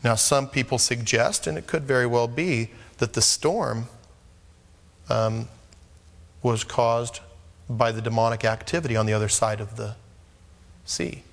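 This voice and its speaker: A man's voice: medium pitch, fairly even intonation, a little slow, pauses often. A man preaching a sermon in a conversational manner, acting out scripture scenes. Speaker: pastor. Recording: long echo of a large hall.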